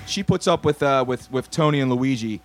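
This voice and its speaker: A man's voice: mid-range voice, animated, fairly quick, slight background noise. A man with a New York accent co-hosting a radio show, teasing and laughing through playful banter. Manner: joking, laughs mid-line, playful teasing. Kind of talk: casual banter. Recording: music playing under the talk.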